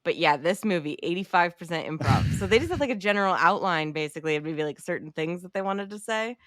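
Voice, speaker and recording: A woman's voice: on the low side, expressive, fast, no room sound. A woman co-hosting a podcast, chatting casually and animatedly, laughing often and acting out lines. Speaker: podcast co-host. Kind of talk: casual chat.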